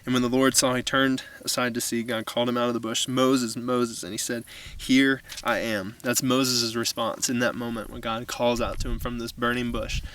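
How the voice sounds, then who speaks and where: A man's voice: mid-range voice, flat delivery, brisk, hardly any pauses, a bit bright, a little hiss or hum. A man giving a casual, conversational sermon outdoors on a mountain, recorded from a distance. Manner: casual, conversational preaching with fillers. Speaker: youth pastor.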